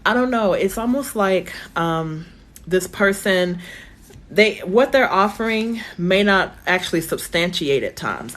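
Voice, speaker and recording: A woman giving a live-stream tarot reading from her phone, chatty and reassuring, thinking aloud with lots of fillers, her voice going hoarse. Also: on the low side, a bit bright. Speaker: tarot reader.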